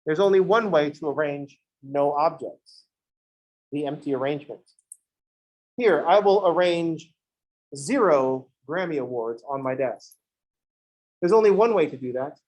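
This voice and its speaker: A man's voice: fairly high pitch, expressive, unhurried, long pauses, darkish tone, low-quality recording. A man teaching a math class in a casual lecture style, with joking, digressive asides. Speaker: math instructor.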